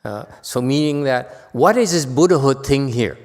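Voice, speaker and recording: A man's voice: medium pitch, animated, normal speed, darkish tone. A man teaching a Buddhist dharma lecture in a chatty, joking way that keeps checking in with the audience. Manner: chatty, often checks in with "okay?"; joking asides. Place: temple lecture hall. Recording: long reverb in a hall.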